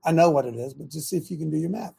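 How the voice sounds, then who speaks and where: A man's voice: fairly high pitch, rapid-fire, creaky, dark tone, husky. An older man hosting a talk show, speaking emphatically, repeating himself and laughing in disbelief. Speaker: host. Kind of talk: talk radio commentary.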